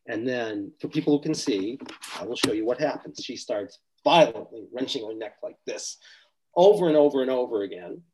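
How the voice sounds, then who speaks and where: A man's voice: medium pitch, expressive, moderate pace, noisy background. A man working as a spiritual healer, earnestly recounting a client session in conversation and explaining each step. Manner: earnest, explanatory, acts out quoted speech.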